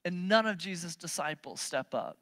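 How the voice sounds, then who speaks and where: A preacher delivers an animated, emphatic sermon at normal speed, swinging from loud bursts to quiet, low stretches. He peppers it with rhetorical questions, and the recording has no room sound.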